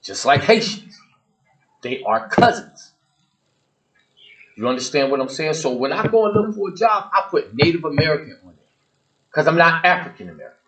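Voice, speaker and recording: Fiery, preachy man, slightly high voice. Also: expressive, brisk, pauses often, a bit bright, poor audio. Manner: blunt and emphatic, repeats points for force; preachy, addresses listeners directly. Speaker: show host. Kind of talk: ranting monologue to the audience.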